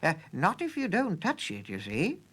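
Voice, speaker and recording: A man's voice: sits high, normal speed, slightly rough, voice pushed up, full character voice. A man voicing an absent-minded old male professor who stammers and gets flustered. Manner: stammering, excitable.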